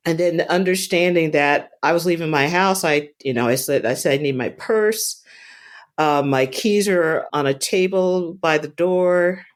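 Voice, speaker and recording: A woman telling a personal story in a casual, halting way, often repeating words and restarting sentences. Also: sits low. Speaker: storyteller recounting a personal experience.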